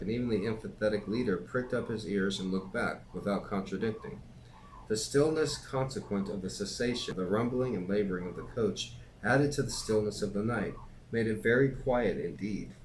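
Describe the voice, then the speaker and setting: A man reading a classic novel aloud in a steady, even narration. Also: lowish voice, slight background noise, low-quality recording. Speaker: reader and teacher.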